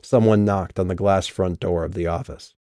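A man narrating an audiobook in an even, measured storytelling manner. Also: low-pitched, no echo, studio quality. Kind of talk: scripted narration.

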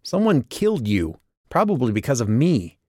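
A man voicing a grieving, sharp-tongued young woman in an audiobook, with his voice raised and tearful. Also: wildly swooping pitch, moderate pace, no room sound, clean studio sound. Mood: grieving, bitter. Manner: raised pitch, tearful and bitter.

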